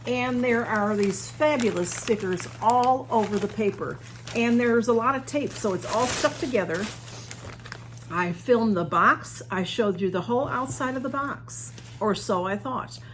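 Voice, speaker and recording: A woman talks through an unboxing at home in a chatty, gushing way. She sounds a little flustered and rambling, and her voice sits a touch high. A faint hiss runs under her talk. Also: measured pace. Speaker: unboxing vlogger.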